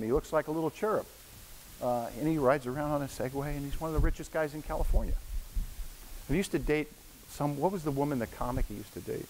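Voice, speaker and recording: A man in his sixties giving a casual, anecdotal lecture to an audience in a university hall, slipping into voices when he quotes people. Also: mid-range voice. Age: 60s. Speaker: guest lecturer. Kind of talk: storytelling lecture. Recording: echoey hall, faint hiss.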